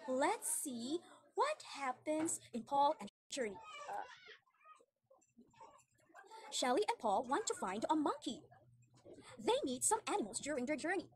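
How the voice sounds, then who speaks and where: A woman's voice: high-pitched, big pitch swings, measured pace, long pauses, a little hiss or hum. A young woman giving an online demo English lesson to a young child, with exaggerated sing-song praise and frequent laughs. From Philippines.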